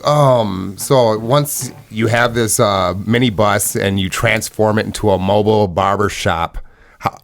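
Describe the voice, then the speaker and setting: A man's voice: on the low side, measured pace, vocal fry. A man co-hosting a casual podcast, asking the guest plain, direct questions. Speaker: podcast co-host.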